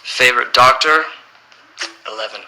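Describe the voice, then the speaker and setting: Man with a very bright voice on a livestream. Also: mid-range voice, normal speed, a little hiss or hum, low-quality recording. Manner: relaxed, reads questions aloud then answers plainly. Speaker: musician answering fan questions. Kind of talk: casual livestream Q&A.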